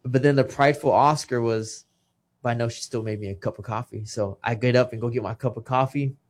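Man, 30s, retired boxer as guest, earnest and emotional storyteller, mid pitch. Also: steady tone, a little fast. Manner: emotional, earnest, quotes others' words. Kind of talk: personal storytelling in casual chat.

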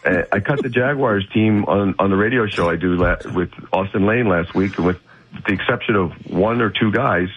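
Blunt man on a husky phone line. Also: on the low side, moderate pace. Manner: blunt, opinionated, emphatic. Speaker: guest football analyst. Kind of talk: sports radio talk.

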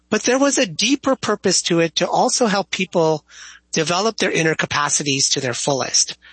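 A man, a history professor, explaining history as an interview guest in a thoughtful, measured way with small restarts. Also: fairly high pitch, pushed and bright, husky, dry recording, rough recording.

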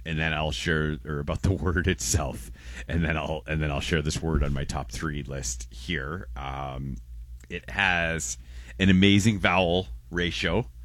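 A man's voice: a bass voice, dry recording. An American man co-hosting a podcast, chatting casually and playfully. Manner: playful, jokey, animated. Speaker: podcast co-host. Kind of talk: casual chat.

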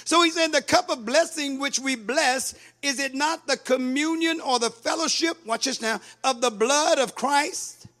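A man preaching a sermon, reading and explaining scripture, building up to emphatic shouts. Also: extremely high pitch, measured pace, hardly any pauses. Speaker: pastor.

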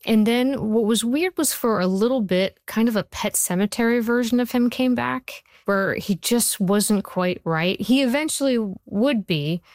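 A woman's voice: a little high, unhurried, hardly any pauses, darkish tone, dry recording. A woman in her forties, a TV writer, giving chatty interview answers full of stories and fillers. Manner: chatty storyteller, many fillers. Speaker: TV writer and showrunner.

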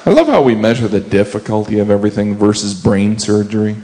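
A man doing a stand-up routine, animated, slipping into high silly voices for the characters he quotes. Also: fast talker, hardly any pauses. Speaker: stand-up comedian. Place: live comedy venue with audience. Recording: live stage recording with audience and noise.

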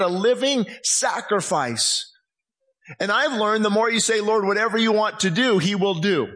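High-voiced man preaching with fervor. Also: a bit bright. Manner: impassioned preaching, drawing out scripture slowly, acting out voices. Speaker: pastor. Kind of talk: sermon. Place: church.

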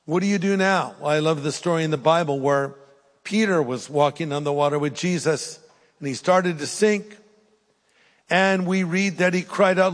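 An older male pastor preaches to a congregation, earnest and pleading, lifting his voice for emphasis and then dropping to a hush. His voice sits fairly high for a man. It rings with the long reverb of a large church hall. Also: moderate pace. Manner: earnest, preacherly, swings between rising emphasis and hushed pleading. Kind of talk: sermon with altar call. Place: church hall with live audience.

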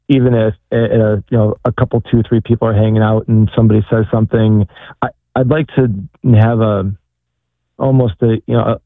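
A man calling in to an advice show, talking hesitantly with many pauses and restarts. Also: lowish voice, dry recording. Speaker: caller. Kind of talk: phone-in conversation. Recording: dry, tinny phone line.

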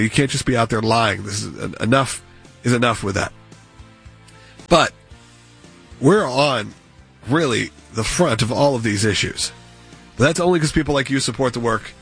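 A man hosting a talk radio show, his voice scratchy and strained as he briskly thanks a guest and appeals for donations. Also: vocal fry, fairly bright tone, slightly rough. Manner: brisk, upbeat sales pitch.

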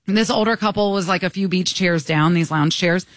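A young woman from Michigan, co-hosting a casual talk show and telling a story in an animated way, laughing often. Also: on the low side, moderate pace, no room sound. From Michigan, USA. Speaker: co-host telling a travel story. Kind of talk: casual radio chat.

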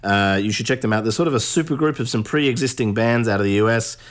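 A man's voice: medium pitch, fast talker. A young man hosting a music radio show, talking in a loose, rambling way and swearing now and then. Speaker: radio host. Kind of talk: casual radio chat.

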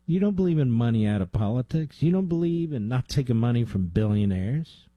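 A man's voice: mid-range voice, expressive, brisk, no room sound, lo-fi sound. A man hosting a talk radio show, delivering a combative monologue with sarcastic asides to his producer.

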